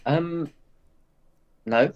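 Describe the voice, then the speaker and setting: A man's voice: fairly high pitch, very slow, darkish tone. Man off to the side, short casual replies, dull off-mic sound. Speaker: friend in the room. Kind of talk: casual chat.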